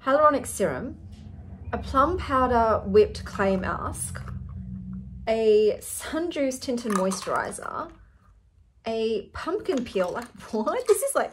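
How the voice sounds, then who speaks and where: A woman's voice: a little high, a little hiss or hum. A woman in her forties with an Australian accent, chatting to camera in an effusive, giggly way. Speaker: vlogger. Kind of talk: casual chat to camera.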